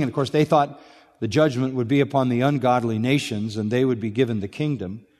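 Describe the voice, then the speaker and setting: A man's voice: mid-range voice, fairly even intonation, fairly quick, a little mellow. A man preaching an expository sermon, emphatic and repetitive, firing off rhetorical questions to his listeners. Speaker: pastor. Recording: long hall reverb.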